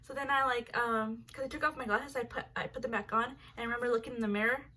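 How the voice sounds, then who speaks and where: A woman's voice: on the high side, steady tone, fast, hardly any pauses, sharp tone. A young woman telling a rambling, embarrassing story to her viewers, full of filler words and swearing. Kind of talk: casual storytime monologue.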